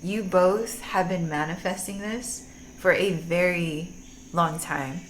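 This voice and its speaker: A woman's voice: lowish voice, steady tone, slow, a little hiss or hum. A woman giving a casual tarot reading, gushing and teary-eyed, laughing often and using slang. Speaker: tarot reader.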